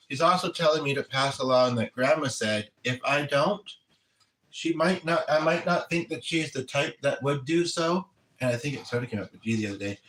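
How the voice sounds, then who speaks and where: A man's voice: fairly high pitch, a bit bright. A man, a spiritual medium, chatting casually and earnestly, often stopping mid-thought and restarting. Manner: rambling, self-interrupting, earnest. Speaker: spiritual medium relaying messages. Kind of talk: casual livestream chat. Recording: roomy echo, distant from mic, faint noise.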